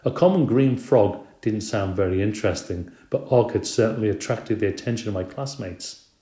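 Deep, mellow man reading a children's story. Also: animated, normal speed. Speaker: audiobook reader. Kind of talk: scripted narration. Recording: roomy echo.

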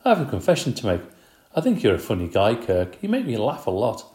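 A man voicing a stern but kind middle-aged female teacher in a storybook reading, firm and measured. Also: mid-range voice, huge pitch swings, warm tone, reverberant. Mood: gently firm.

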